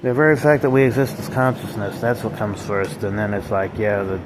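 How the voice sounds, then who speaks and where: Man, low voice, rambling profane monologue, bitter, noisy recording with air conditioning and traffic behind. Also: brisk. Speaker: vlogger.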